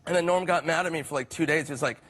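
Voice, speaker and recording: A man telling a tour story in a chatty, quick-fire way. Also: on the high side, heavy background noise. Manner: quick, chatty, halting restarts. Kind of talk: casual anecdote telling.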